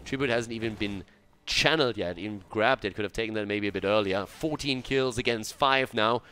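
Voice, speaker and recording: A man casting a video game match on his own, mixing brisk play-by-play with coaching tips. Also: fairly low pitch, bright, forceful tone, clean tone. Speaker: esports caster. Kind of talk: solo match commentary with analysis.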